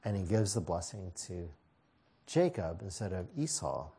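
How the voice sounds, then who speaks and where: A man's voice: deep voice, big pitch swings, moderate pace, dark tone, husky. A man preaching a sermon, reading scripture and explaining it in a conversational way with casual asides.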